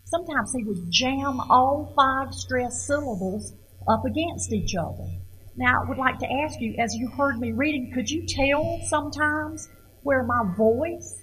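A middle-aged woman giving an informal lecture on poetry, halting and repeating words as she questions her audience. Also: sits high, fairly bright tone, breathy edge, low-quality recording.

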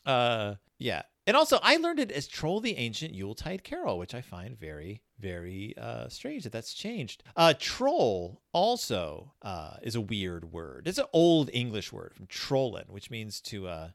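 A man hosts a podcast in loose, casual chat, rambling from point to point and poking fun at himself. His pitch swings up and down as he talks, with lots of fillers and restarts. The sound is dry and close, with no room around it. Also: wildly swooping pitch, a little slow, creaky, hardly any pauses, a bit bright, no echo. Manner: rambling, self-deprecating, with many fillers and restarts. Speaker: podcast host.

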